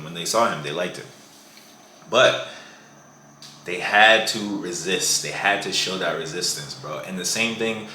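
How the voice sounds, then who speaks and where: Young guy vlogging dating tips, low voice, lots of slang and "bro", roomy echo. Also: sharp tone, slight background noise. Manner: slangy, says "bro" a lot. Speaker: dating advice creator. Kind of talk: casual vlog monologue. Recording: echoey room.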